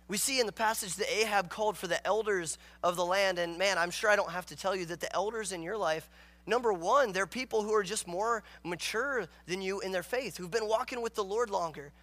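A man's voice: high voice, normal speed, a bit bright. A man preaching a morning sermon as a pastor, earnest and emphatic, reading scripture aloud and acting out the characters' dialogue.

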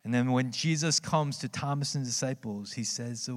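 A man in his thirties preaching a sermon as pastor, telling stories in a conversational way, with big swings in pitch and frequent tag questions. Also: moderate pace. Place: church sanctuary. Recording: long hall reverb.

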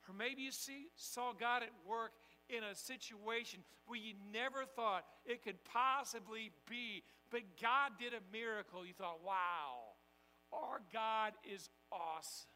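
A man preaching a sermon, calling on the congregation to respond and swinging from loud declarations to hushed asides. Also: very high-pitched, unhurried, hardly any pauses, in a large hall, poor audio. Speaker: pastor.

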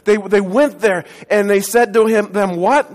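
Male pastor, high voice, sermon, call-and-response, loud then hushed, reverberant sanctuary. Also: fairly even intonation, unhurried. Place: church sanctuary. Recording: echoey church hall.

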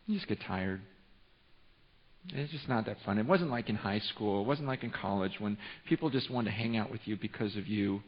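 A man around forty from California, preaching a sermon as a pastor, telling an emotional story full of restarts. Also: mid-range voice. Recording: reverberant hall, dull sound.

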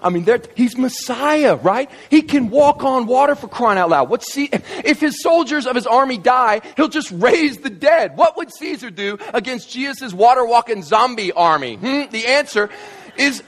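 A man preaching a sermon as a pastor, telling the story in an animated, jokey way. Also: very high voice, normal speed, long reverb tail.

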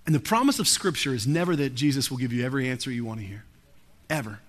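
A man preaching a sermon in an earnest, conversational way, sprinkling in casual asides and swinging between hushed and emphatic delivery. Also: mid-range voice, fast. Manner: casual filler "like" and "right". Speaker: pastor.

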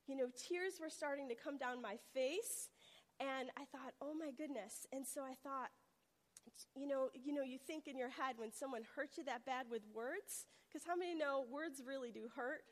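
A woman's voice: high-pitched, normal speed, big-room sound. A woman preaching a testimony sermon, telling a personal story earnestly and acting out the voices in it. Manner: earnest storytelling, acts out quotes with rising intensity.

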